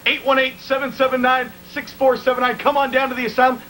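A man's voice: completely flat delivery, fast talker, pushed and bright, slight background noise, poor audio. A man hosting a wrestling show, doing brash, sarcastic mock commercials. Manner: brash, sarcastic pitchman delivery. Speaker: show host. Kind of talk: mock commercial reads and comedy bits.

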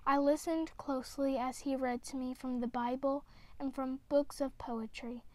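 A woman reading a children's picture book aloud, with gentle, expressive storytelling. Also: sits high, normal speed, dry recording. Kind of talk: read-aloud storybook narration.

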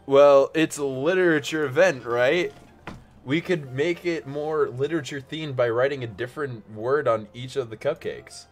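A man's voice: medium pitch, normal speed, faint music behind, close to an everyday voice. A man reading a visual novel's easygoing male student hero aloud, in a plain, casual, teasing voice.

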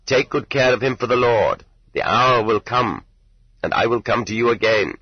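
A man voicing an elderly bearded stranger who speaks clearly and with solemn authority. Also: medium pitch, normal speed, no room sound, voice pushed up, close to an everyday voice. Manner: clear, commanding pronouncements. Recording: dull lo-fi tape.

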